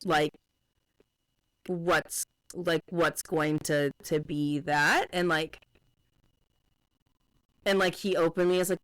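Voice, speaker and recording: Woman co-host, lowish voice, casual book chat, halting restarts, close dry mic. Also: steady tone, dry recording. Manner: restarts often, paraphrases characters in quotes. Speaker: podcast co-host.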